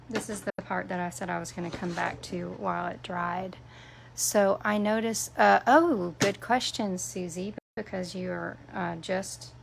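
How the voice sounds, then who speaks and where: A woman's voice: medium pitch, vocal fry, slight background noise. A woman demonstrating a craft project on a live stream, chatting casually and answering viewers' comments by name. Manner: self-deprecating, playful asides.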